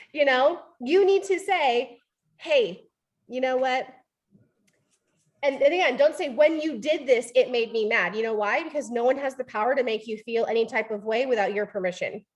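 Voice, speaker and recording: High-voiced woman coaching a training group. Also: moderate pace, long pauses. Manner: animated, acts out quoted voices, frequent "right?". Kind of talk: motivational training talk.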